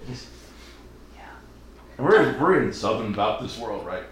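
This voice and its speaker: A man preaches through a personal story, acting out each voice, with his pitch swinging widely. The room is very echoey, with a faint hiss underneath. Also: normal speed. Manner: animated storytelling, acts out dialogue, laughs often. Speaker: lay preacher, teacher. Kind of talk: story-driven sermon.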